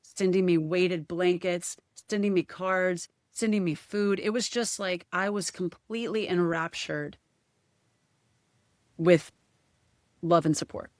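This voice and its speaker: A woman's voice: fairly low pitch, takes it slowly, darkish tone, no room sound, clean studio sound. A woman guest in a casual podcast chat, speaking candidly and emotionally, often quoting what others said. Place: podcast studio.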